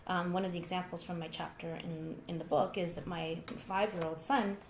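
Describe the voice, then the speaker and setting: A woman talks through an interview with animated storytelling, her voice middle in pitch. The room is echoey, with a faint hiss of noise underneath. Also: fairly quick. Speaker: guest author. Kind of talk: conversational interview.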